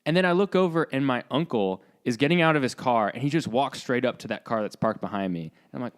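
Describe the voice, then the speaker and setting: A young man co-hosting a podcast, telling a story in a loose, animated way with lots of fillers and acted-out lines. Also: medium pitch, fast talker, few pauses. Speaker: podcast co-host. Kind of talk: casual storytelling.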